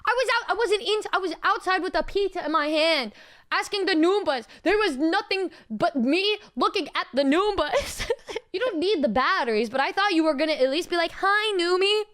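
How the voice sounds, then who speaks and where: A high-pitched woman streamer chats casually with her audience, telling stories with lots of laughter and cursing. She turns mock-whiny when she complains to her fans. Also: brisk. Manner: animated, laughing often, swearing, mock-whiny. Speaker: streamer and singer. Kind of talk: casual stream chat, storytelling.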